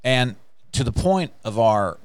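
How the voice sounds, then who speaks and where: A man's voice: medium pitch, big pitch swings, unhurried, clear, resonant tone, no echo. A man hosting a faith podcast, talking emphatically in a preacher-like way, with frequent hallelujahs. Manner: emphatic, exclaims hallelujah and praise the Lord. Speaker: podcast host.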